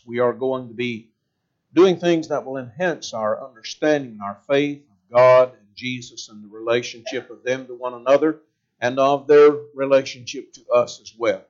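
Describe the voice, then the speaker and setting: A man preaching a sermon in a measured way, slowing down to stress key words. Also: mid-range voice, dull audio.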